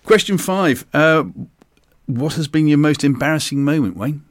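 A man's voice: a little high, normal speed, no room sound. A man hosting an interview, chatty and friendly as he asks questions. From Ireland. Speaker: interview host. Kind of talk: conversational interview.

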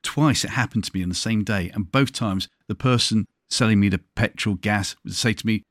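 A man's voice: lowish voice, a little fast, no echo. Polite British man, dry close sound. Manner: polite, attentive, gently probing. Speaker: interview host. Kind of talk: conversational interview.

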